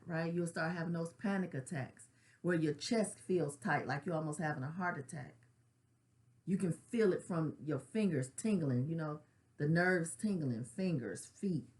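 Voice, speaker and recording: Earnest woman reflecting on grief. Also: lowish voice. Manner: conversational, tag questions like "right?"; earnest, uses casual slang. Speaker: grief counselor sharing her own loss. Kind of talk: personal spoken reflection.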